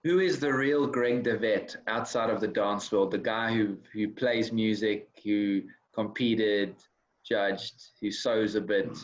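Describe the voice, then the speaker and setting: Male host, fairly low voice, rambling and friendly, dull call sound. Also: steady tone, slow pace. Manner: rambling, friendly, repeats himself. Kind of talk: casual interview chat.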